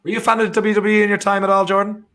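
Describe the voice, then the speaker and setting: An excitable Irish man talking over a live football match in a casual online chat, his voice sitting a little high. He jokes, reacts loudly to the play and teases his co-host. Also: racing. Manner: excitable, jokey, bursts into shouting and laughter.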